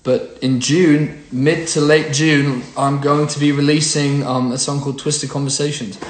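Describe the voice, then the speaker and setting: A young singer-songwriter chatting casually on a phone livestream, rambling with lots of fillers. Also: male voice, on the high side, level tone, unhurried. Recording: roomy echo, faint noise.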